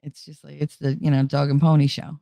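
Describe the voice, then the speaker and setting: A woman's voice: deep voice, flat delivery, brisk, gravelly, warm tone, no room sound. A woman hosting a casual livestream chat, talking candidly and confidingly, swearing freely and laughing often. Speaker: livestream host.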